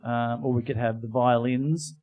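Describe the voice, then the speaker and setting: A man's voice: medium pitch, flat delivery, moderate pace, narrow, tinny audio. A man co-hosting a live comedy podcast in a pub, dry and asking leading questions. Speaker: co-host. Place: pub in front of a live audience.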